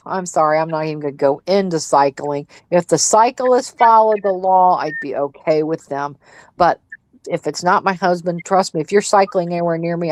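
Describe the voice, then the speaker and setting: A woman's voice: mid-range voice, no echo, rough recording. A middle-aged woman hosting a casual chat, blunt and profane as she rants. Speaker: host.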